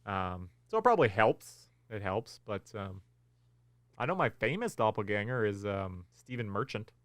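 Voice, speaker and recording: A man co-hosting a podcast in casual chat, relaxed and rambling with frequent ums. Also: on the low side, normal speed, no echo. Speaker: podcast co-host.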